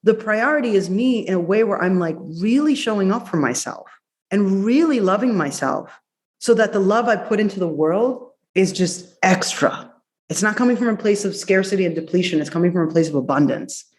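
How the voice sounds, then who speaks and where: A woman doctor, a guest on a podcast, talking in an effusive, playful way, quick in places and drawn out in others. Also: mid-range voice, expressive, a little mellow. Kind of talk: casual interview chat.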